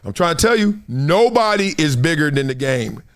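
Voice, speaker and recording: A man in his forties hosting a casual sports talk stream, animated and trash-talking, slipping into put-on fan voices. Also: fairly high pitch, normal speed, smooth. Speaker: show host.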